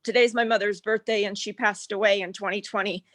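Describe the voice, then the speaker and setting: A woman joining a webinar by video call, talking in an emotional, halting, effusive way. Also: medium pitch, fairly even intonation, fairly bright tone, no echo. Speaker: webinar participant. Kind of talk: casual chat.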